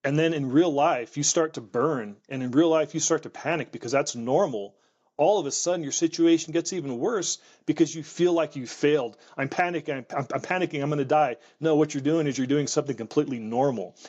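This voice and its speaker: A wildfire expert recounts his experiences in a reflective interview, his voice on the high side and a little mellow, captured with lo-fi sound. He speaks haltingly, restarting often and repeating words while he thinks.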